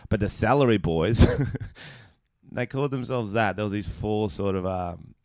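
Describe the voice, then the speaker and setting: A young man, a comedian co-hosting a podcast, telling stories in a lively, swearing way with bursts of laughter. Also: on the low side, a little slow, dry recording, clean studio sound. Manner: swearing, animated storytelling with laughs. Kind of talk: casual chat.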